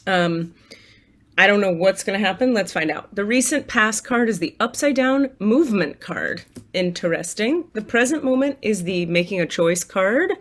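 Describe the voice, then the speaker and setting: A woman's voice: mid-range voice, animated, moderate pace. Lady chatting to her viewers from home, open and laughy, drops swear words casually. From United States. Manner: chatty and candid, swears freely, laughs often. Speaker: spiritual coach and tarot reader. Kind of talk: casual chat to viewers, guided gratitude list. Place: apartment at home.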